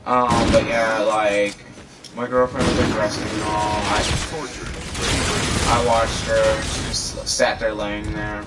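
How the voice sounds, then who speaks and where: Rambling teenage boy, loud gunfire behind. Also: fairly low pitch, little pitch movement, slow. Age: teens. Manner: loose, filler-heavy, cursing, self-interrupting. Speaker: vlogger. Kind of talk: rambling personal storytelling. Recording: distant mic, loud gunfire noise.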